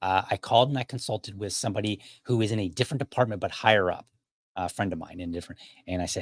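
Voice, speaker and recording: Low-voiced man telling a story. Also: quick pace, no room sound, studio quality. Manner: animated retelling, acts out quoted dialogue; frequent restarts and repeated words. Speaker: podcast host. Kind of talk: casual storytelling monologue.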